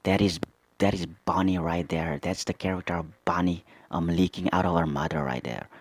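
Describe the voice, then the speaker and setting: A man hosting a manga reaction, reading character lines aloud and commenting with excited asides. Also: sits low, moderate pace, dry recording.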